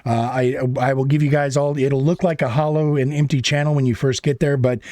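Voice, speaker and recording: A man's voice: medium pitch, steady tone, brisk, dark tone, dry recording. A man hosting an online debate, wrapping up the night in a rambling, casual way, swearing freely and praising the players. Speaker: debate moderator. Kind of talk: casual wrap-up chat.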